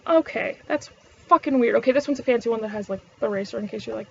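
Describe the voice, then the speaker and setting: A woman's voice: fairly high pitch, fast talker, gravelly, a little mellow. Young woman, Canadian accent, casual vlog chat, sweary, lots of fillers, dull sound, faint hiss. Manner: chatty and frank, swears freely, many fillers. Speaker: vlogger.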